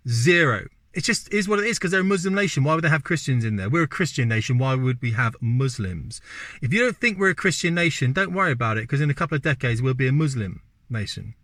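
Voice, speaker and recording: A middle-aged Englishman, delivering an opinionated talking-head monologue with forceful repetition and rhetorical questions. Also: medium pitch, dry recording, clean studio sound. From England. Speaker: video host.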